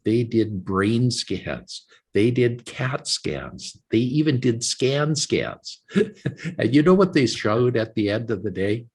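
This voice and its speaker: A man's voice: mid-range voice, takes it slowly, slightly rough. A man in his sixties, a guest author from Canada, telling his story in an interview and acting out the voices of others as he goes. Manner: animated storyteller acting out quoted dialogue.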